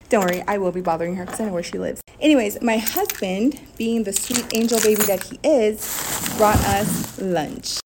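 A woman's voice: medium pitch, expressive, normal speed. Young woman, bubbly teacher vlogger, chatty delivery, faint hiss under the phone audio. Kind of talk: casual chat to camera.

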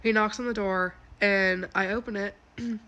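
Chatty woman with a gravelly, bright voice. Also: medium pitch, steady tone, muffled recording. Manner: chatty and profane, quick to laugh. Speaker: storyteller. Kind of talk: casual storytime.

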